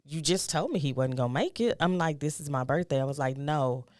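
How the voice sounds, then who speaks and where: A middle-aged woman appearing as a guest tells a personal story with emotion, acting out its dialogue as her pitch rises. She speaks fairly quickly in a slightly mellow voice, with no room sound.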